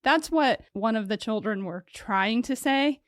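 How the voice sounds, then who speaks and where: A woman's voice: on the high side, measured pace, no room sound, clean studio sound. A woman co-hosting a podcast, chatting casually and reacting with sarcastic quips. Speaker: podcast co-host. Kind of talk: casual chat.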